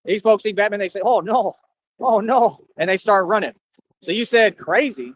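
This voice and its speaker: At a moderate pace, a man with a high voice delivers a ranting monologue as a streamer. He boasts and picks fights with his listeners, and the recording sounds dull and lo-fi.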